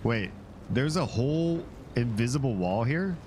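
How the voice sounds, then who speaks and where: A man's voice: medium pitch, expressive, a little slow, a little mellow, a little hiss or hum. A man from Finland and the United States chatting casually while streaming a game, rambling, joking and swearing. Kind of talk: casual gameplay stream chat.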